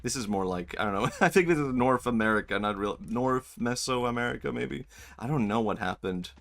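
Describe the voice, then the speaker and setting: A man's voice: medium pitch, lively intonation, a little fast, gravelly, a bit bright. A man streaming a video game, chatting casually, laughing often, rambling and swearing. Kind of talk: casual gameplay commentary. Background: game music.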